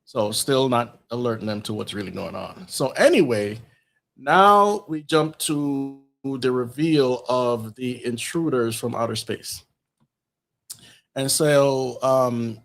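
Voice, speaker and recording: A man's voice: medium pitch, gravelly. Man, podcast host, casual film commentary, retells the dialogue, filler words. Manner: retells dialogue in quick changing voices, many fillers.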